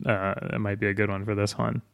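A man's voice: lowish voice, little pitch movement, fast talker, creaky, fairly bright tone. A man in his thirties talks as a podcast guest in a casual interview chat. He speaks in a hesitant, understated way and often trails off before he finishes a thought.

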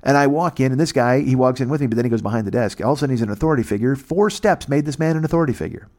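A man from the United States, a podcast host, telling a comic story in a profane, animated way. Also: medium pitch, racing. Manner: profane, animated, acts out every voice.

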